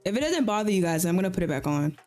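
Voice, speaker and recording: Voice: medium pitch, sing-song, rapid-fire, darkish tone, faint music behind. A streamer in casual live-stream chat while playing a game, laid-back and chatty, often repeating slang phrases.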